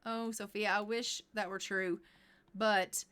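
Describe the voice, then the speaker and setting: A woman's voice: medium pitch, steady tone, slow pace, fairly bright tone, clear, resonant tone. A woman streaming a life-simulation game, chatting along and narrating what her characters say. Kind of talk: live gameplay commentary.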